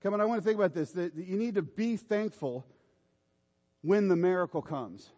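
A man's voice: sits high, expressive, fairly quick, darkish tone, long reverb tail. A man preaching a sermon in an informal, exhorting way, urging his listeners on. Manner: informal, exhorting, repeats "come on".

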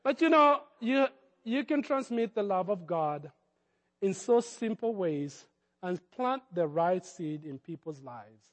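A middle-aged man, a pastor, preaching a sermon and telling a story, moving between quiet asides and loud preaching. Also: high voice, lively intonation, slow. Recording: long hall reverb.

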